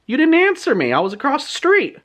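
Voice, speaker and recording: A man's voice: very high voice, huge pitch swings, brisk, fairly bright tone, pitched above the performer's own voice, full character voice. A man voicing a bold, tough young girl who talks in a sassy, determined way. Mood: insistent.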